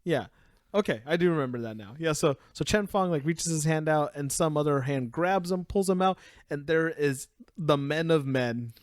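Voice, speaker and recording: A man's voice: on the high side, moderate pace, no echo, studio quality. Young man animatedly recapping an anime. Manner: animated recapping, acts out characters' lines. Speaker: podcast co-host. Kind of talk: casual anime review chat.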